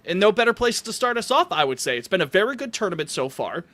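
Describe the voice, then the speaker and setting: A man's voice: sits high, very animated, quick pace, pushed and bright. A man hosting a casual podcast over a call, upbeat and joking with rambling asides. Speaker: podcast host.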